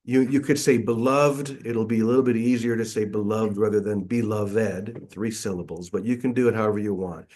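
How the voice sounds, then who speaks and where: A middle-aged man leading a guided breathing meditation as a spiritual teacher, soft and drawn-out, often sinking to a near whisper. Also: fairly low pitch, steady tone.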